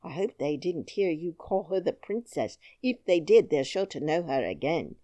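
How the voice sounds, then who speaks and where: A woman's voice: deep voice, sing-song, normal speed, warm tone, no room sound. A woman voicing a brave, cheerful twelve-year-old miner boy who talks boldly and plainly. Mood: frank. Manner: bold, singing taunts, plain-spoken.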